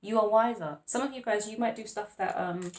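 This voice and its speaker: A woman's voice: mid-range voice, fairly quick. Woman tarot reader, casual monologue, playful and rambling, with lots of endearments and laughter. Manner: chatty and playful, laughing often, calling viewers babes and darling; rambling with frequent restarts.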